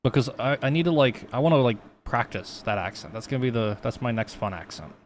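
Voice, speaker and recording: A young man talks his way through a live 3D-texturing tutorial in a medium-pitched voice. His delivery is rambling and loose, full of swearing and jokes at his own expense. A faint background hiss sits under the voice. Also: expressive, fast talker. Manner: rambling, profane, self-mocking. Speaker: streamer teaching 3D texturing. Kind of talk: casual live-stream tutorial.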